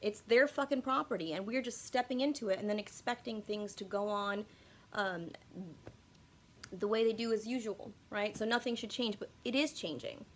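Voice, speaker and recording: A woman's voice: mid-range voice, normal speed, slight background noise. A young woman talking casually to her viewers in a rambling, profane, self-deprecating way, often losing her words and restarting. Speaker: YouTube commentator. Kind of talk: casual unscripted video monologue.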